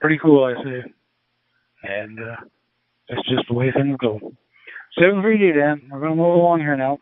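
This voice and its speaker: A man's voice: mid-range voice, moderate pace, no room sound. A man with a Canadian accent chatting on ham radio, hesitant and full of fillers. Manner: hesitant, warm-hearted, many fillers. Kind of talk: casual radio chat. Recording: tinny radio transmission.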